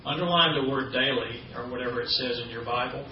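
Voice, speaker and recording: A man's voice: mid-range voice, fast talker, background noise. A man preaching a sermon in a church, teaching in a conversational way with folksy asides. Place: church sanctuary. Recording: roomy, distant, dull church recording.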